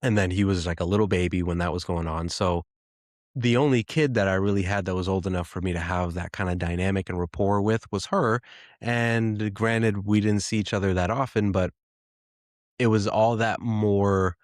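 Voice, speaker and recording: A man in his thirties hosting a podcast, telling a personal story in a reflective, halting way with frequent restarts. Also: low-pitched, no room sound, studio quality. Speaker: podcast host.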